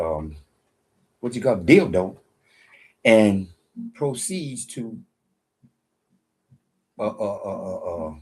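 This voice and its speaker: A man's voice: fairly low pitch, a little mellow. An American man giving a casual monologue commentary, preachy and boastful, who keeps repeating himself for emphasis. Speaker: online commentator.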